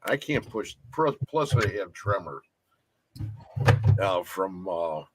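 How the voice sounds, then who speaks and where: A man's voice: low-pitched, sing-song, takes it slowly, fairly bright tone, a little hiss or hum. A man hosting a paranormal podcast, chatting casually, often stammering and repeating words. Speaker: podcast host. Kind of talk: casual interview chat.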